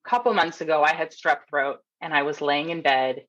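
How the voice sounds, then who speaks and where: This Canadian nurse coach has a low-pitched voice and talks a little fast, though the recording sounds muffled. As a podcast guest she tells a lively story, voicing the people in it and laughing a lot.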